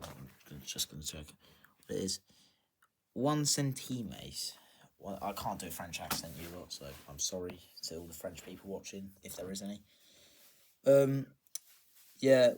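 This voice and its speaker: A man casually showing his coin collection, chatty and self-deprecating, pausing to check dates. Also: fairly low pitch, husky. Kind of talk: casual show-and-tell narration.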